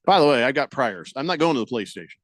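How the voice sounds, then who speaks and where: A man's voice: mid-range voice, big pitch swings, very fast, no room sound. A middle-aged man, the host of a sports radio show, chatting and joking in a loose, rambling way. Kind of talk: casual radio banter.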